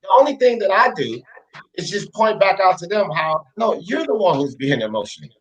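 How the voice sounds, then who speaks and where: A man rants on his live panel show. His voice sits high and swings widely in pitch. He gets heated and profane, repeating lines to drive them home. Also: sing-song, fairly quick, poor audio. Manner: fired up, repetitive, profane. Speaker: host of a boxing talk show.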